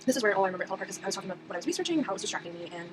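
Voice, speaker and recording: A woman's voice: medium pitch, big pitch swings, racing. A young woman telling a personal story in a rambling casual monologue, full of fillers and restarts. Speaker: vlogger. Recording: audible background noise.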